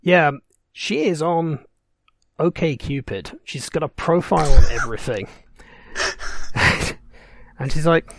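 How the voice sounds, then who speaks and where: Wry, gravelly man narrating as game master. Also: fairly high pitch, slow, long pauses, no echo, clean studio sound. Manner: rambling, wry, self-correcting.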